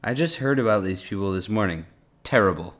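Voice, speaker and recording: A man's voice: on the low side, animated, fairly bright tone. A man putting on an impression of a blustering male politician, rambling and repeating himself. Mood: pompous. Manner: rambling, repetitive, with drawn-out filler "uh"s.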